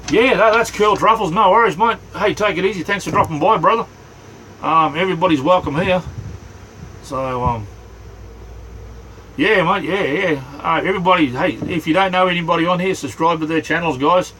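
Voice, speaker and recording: A middle-aged Australian man hosting a casual livestream from inside his small camper, rambling in a relaxed way and greeting viewers by name. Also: on the high side, normal speed, long pauses, slight background noise, low-quality recording. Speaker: livestream host.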